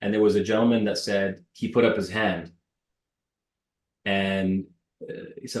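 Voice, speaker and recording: A man in his thirties from Canada, a real estate broker telling blunt, lively stories in an interview and mimicking the people in them. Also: sits low, moderate pace. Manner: blunt, animated, mimics voices in anecdotes. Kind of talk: interview storytelling. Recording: roomy echo.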